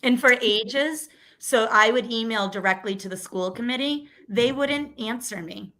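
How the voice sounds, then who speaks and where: At a measured pace, this woman's voice sits on the high side and sounds a bit bright. She is in her thirties or forties and running for school committee, sharing a personal story as a guest in a casual interview, earnestly and emotionally, often restarting her sentences.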